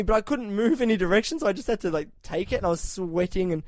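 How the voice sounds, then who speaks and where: A man's voice: high-pitched, racing, hardly any pauses, dry recording. A man hosting a podcast, telling a long profane anecdote in casual chat and acting out the other people in it. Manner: profane, animated anecdotes with quoted voices. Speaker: podcast host.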